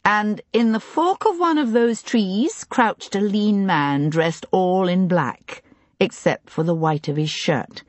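A woman narrating an audiobook in a steady, even storytelling manner. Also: medium pitch, slow, no echo.

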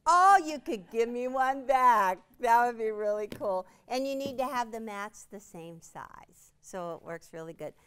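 A woman leads a quilting demonstration in a studio with a small audience listening. She takes her time, talking in a relaxed, playful way and stopping to quiz the room. Her voice comes through clean and smooth. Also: a little high, measured pace, few pauses. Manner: chatty, playful, quizzes the audience. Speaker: quilting instructor and show host. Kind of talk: live product demonstration.

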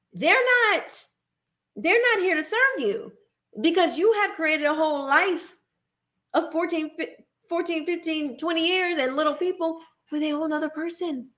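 A woman's voice: high-pitched, fairly bright tone. A woman hosting her own show, giving an emphatic, preachy opinion monologue and mocking the people she quotes. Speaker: host.

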